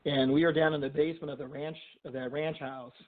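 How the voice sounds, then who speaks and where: A man's voice: a little high, little pitch movement, quick pace. A middle-aged man, a guest, telling stories casually and rambling, with lots of "you know" and restarts. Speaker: guest, physician and paranormal investigator. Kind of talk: casual storytelling in a phone interview. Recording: tinny phone line.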